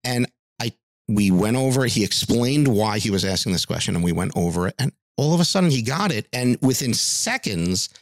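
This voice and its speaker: A man's voice: mid-range voice, animated, moderate pace, no room sound, clean studio sound. A middle-aged man, a music teacher, telling stories in a podcast interview and acting out the voices of people he quotes.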